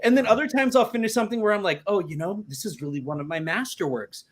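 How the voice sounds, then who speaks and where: A man's voice: high-pitched, fast talker. A man hosting a podcast, talking casually and animatedly, swearing freely. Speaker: podcast host, artist. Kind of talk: casual chat.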